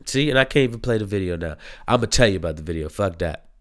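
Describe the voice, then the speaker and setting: A young man talking casually to camera about new music singles, slangy and animated, laughing and swearing often. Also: low voice, fast.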